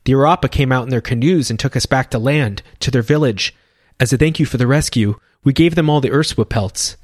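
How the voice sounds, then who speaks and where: A man's voice: medium pitch, no echo, studio quality, natural voice. A man voicing a cheerful, brave young boy who tells his story eagerly.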